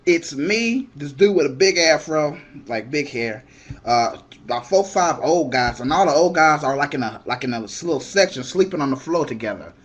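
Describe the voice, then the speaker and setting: Excitable man telling a wild story. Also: a little high, normal speed, breathy edge. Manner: excitable, shouts punchlines, acts out other people. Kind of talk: animated comic storytelling.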